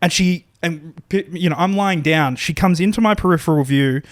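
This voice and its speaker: A man's voice: fairly high pitch, normal speed, dry recording, studio quality. A man co-hosting a podcast, telling a long, rambling, self-deprecating story in a casual, profane way, full of restarts. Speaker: podcast co-host.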